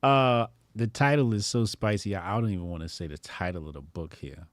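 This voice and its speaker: A man's voice: on the low side, a little fast, no room sound, clean studio sound. A man from New Jersey hosting his own show, talking loosely with slang and laughing often. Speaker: host. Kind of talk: casual live-stream talk.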